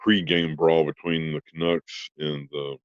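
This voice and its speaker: A man joining a casual sports chat, telling a hockey story in an unhurried way. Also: a bass voice, flat delivery, clean tone, no echo, highs cut off.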